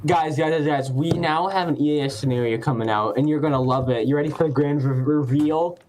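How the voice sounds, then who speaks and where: Excitable mid-pitched chatter, noisy call mic. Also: fairly quick. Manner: excitable, blurting. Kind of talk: casual voice chat.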